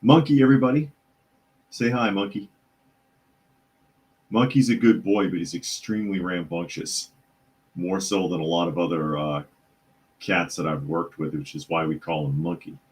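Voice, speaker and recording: A man's voice: low voice, steady tone, moderate pace, pauses often. A man hosting a live news commentary podcast from home, chatting casually with sarcastic asides between reading articles. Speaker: podcast host. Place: hot home room with a loud computer fan.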